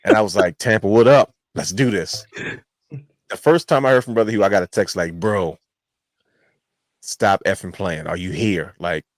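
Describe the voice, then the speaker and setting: A man co-hosting a wrestling podcast, telling a long-winded story with animated quotes. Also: low-pitched, moderate pace, long pauses, no echo. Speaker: podcast co-host. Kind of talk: casual chat.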